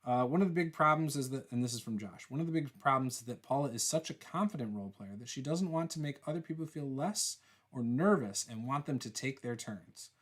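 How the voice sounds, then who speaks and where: A man hosting a casual chat as game master, reading out viewer comments in a relaxed, teasing and rambling way. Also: mid-range voice, a little fast.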